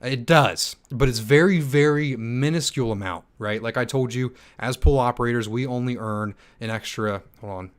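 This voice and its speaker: A young man hosting a livestream Q&A, reading chat comments aloud and answering in a hyped, fast manner with many ums and restarts. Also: medium pitch, clean tone. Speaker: stake pool operator and channel host.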